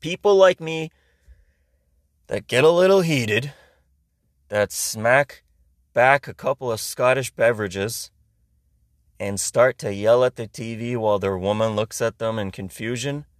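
A young man from Iran, his first tongue, hosts a podcast with a loose, ranting comic monologue. He talks sarcastically and swears freely, his pitch sitting in the middle range. The sound is dry and close with no room echo. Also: unhurried, long pauses. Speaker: podcast host. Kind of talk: casual comedic monologue.

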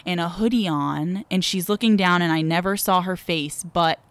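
A woman's voice: fairly low pitch, moderate pace, no echo. A woman guest on a podcast, telling a personal story frankly and vividly, holding nothing back.

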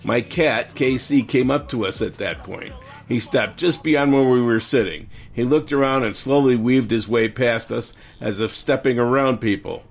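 A man co-hosting a casual podcast, reading stories aloud in a steady way and laughing along. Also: mid-range voice, moderate pace.

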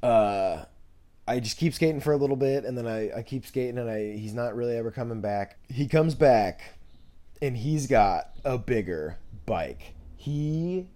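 Rambling young man with a mellow voice. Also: measured pace. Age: 20s. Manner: rambling, scatterbrained, jokey, full of fillers; animated, jumps into high voices when quoting others. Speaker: podcast host. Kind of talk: casual storytelling monologue.

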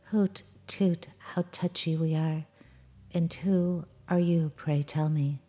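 Lady reading a wise old owl, teasing and prim, low mellow voice. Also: steady tone, slow, highs cut off, faint music behind. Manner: gently scolding, prim questions.

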